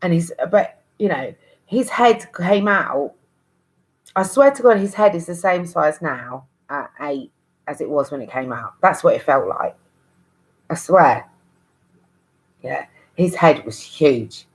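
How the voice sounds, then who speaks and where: A woman's voice: low voice, animated, takes it slowly, pauses often, low-quality recording. A woman in her thirties talking candidly to camera, frank and rambling, with swearing and frequent restarts. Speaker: vlogger. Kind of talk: candid monologue.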